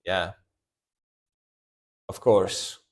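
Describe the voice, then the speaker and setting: A man, chatting casually and rambling as he reacts to music on a live stream. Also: extremely slow. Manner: chatty, rambling, lots of fillers.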